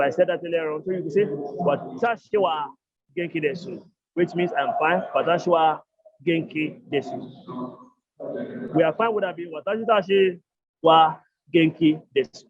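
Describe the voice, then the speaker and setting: A man teaching an online language class, explaining step by step and repeating each phrase slowly. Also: high-pitched, dull audio.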